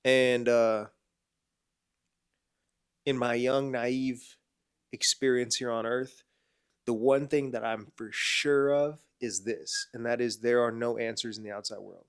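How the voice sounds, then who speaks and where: A young man in his mid-twenties talks straight to the camera with a stuffed-up, nasal voice. His delivery is casual and slangy, sprinkled with bro and man, and it swings between loud pushes and quiet asides. His pitch sits in an ordinary middle range for a man. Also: little pitch movement, slow, pauses often, smooth. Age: 20s. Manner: slangy and emphatic, often saying bro and man. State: congested, nasal voice. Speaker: clothing brand owner and entrepreneur. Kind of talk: casual motivational talk to camera.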